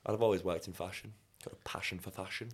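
A man's voice: low-pitched, fairly even intonation, fast talker, slightly rough. A young man hosting a podcast in casual chat, teasing his guest and laughing often. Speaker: podcast host.

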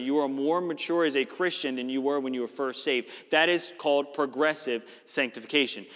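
A male preacher delivers a sermon with a high voice. His tone is bright and ringing, and his words carry a long reverb from a large auditorium. He explains scripture with emphatic, steady conviction. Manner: explanatory, emphatic Bible teaching. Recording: reverberant hall.

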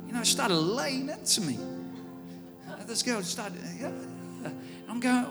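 An Australian man preaching a sermon, telling stories and building up to loud, fervent preaching. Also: very high voice, lively intonation, unhurried. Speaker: pastor. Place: church auditorium. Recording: church hall reverb with faint music.

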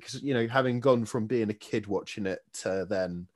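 A man's voice: fairly low pitch, normal speed. A young man, a podcast guest talking enthusiastically, with frequent laughter and fillers. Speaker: guest, jousting performer. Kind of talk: casual chat.

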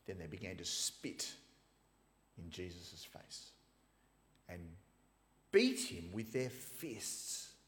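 A man's voice: low voice, sing-song, slow, pauses often. A man preaching a sermon, retelling scripture in an emphatic, storytelling way with casual asides. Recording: long reverb of a large hall.

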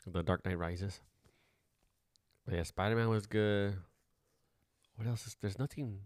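Easygoing and profane, a podcast host in his forties rambles through anecdotes in casual conversation. His lowish voice moves a little slowly with fairly even intonation. The studio recording is clean, with no echo.

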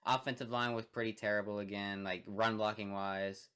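A man's voice: fairly low pitch, level tone, moderate pace, sharp tone, clear, resonant tone. A young man co-hosting a sports podcast in casual chat, running the segments and laughing along. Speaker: podcast co-host.

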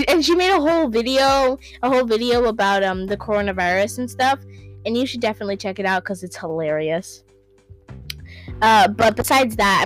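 A young woman hosting a casual solo podcast, rambling, stumbling over hard words and laughing at herself, on a home microphone. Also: a little high. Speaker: podcast host.

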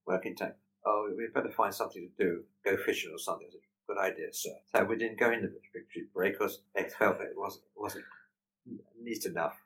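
A man's voice: deep voice, fairly even intonation, quick pace, fairly bright tone, poor audio. An older British war veteran, a man telling plain-spoken anecdotes and acting out the dialogue he quotes. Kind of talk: anecdotal storytelling.

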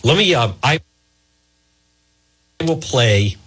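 A man's voice: medium pitch, expressive, takes it slowly, a bit bright, breathy edge. Hiccuping man hosting live talk radio. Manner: apologetic, rambling, self-interrupting. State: has the hiccups. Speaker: radio talk show host.

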